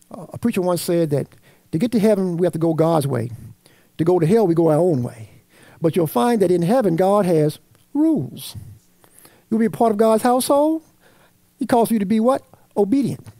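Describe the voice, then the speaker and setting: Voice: medium pitch, warm tone, no room sound. A Sunday school teacher, reading scripture aloud and quizzing the class with fill-in questions in a church classroom. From Virginia. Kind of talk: Bible study teaching.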